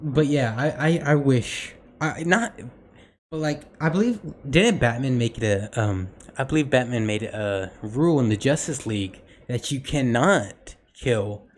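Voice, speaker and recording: A man's voice: mid-range voice, animated, a little slow. Rambling young man chatting on a podcast. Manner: rambling, many fillers and restarts. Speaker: podcast co-host. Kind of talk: casual chat.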